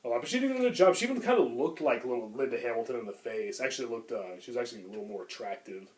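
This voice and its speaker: Man, podcast co-host, rapid casual chat, enthusiastic, rambling with fillers. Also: mid-range voice, lively intonation.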